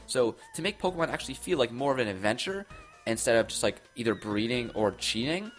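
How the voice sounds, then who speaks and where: A young man casually commenting on game news, rambling and excitable, often restarting his sentences into his own microphone. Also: mid-range voice, fairly quick, soft background music. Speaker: gaming YouTuber. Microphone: own desk microphone.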